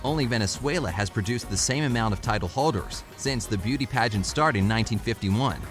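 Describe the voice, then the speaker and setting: A man's voice: fairly low pitch, fairly quick, soft background music. A man narrating a scripted informational video in an upbeat, friendly, evenly paced way.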